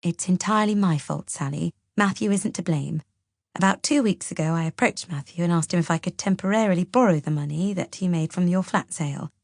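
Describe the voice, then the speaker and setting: A woman voicing a composed older mother-in-law who explains herself in a measured, earnest way. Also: lowish voice, vocal fry, a little mellow, no echo, clean studio sound.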